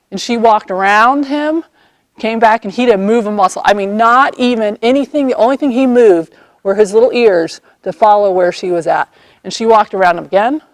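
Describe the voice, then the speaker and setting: A woman vlogger telling a personal story in a lively way, acting out the quoted lines and laughing often. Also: on the high side, dry recording.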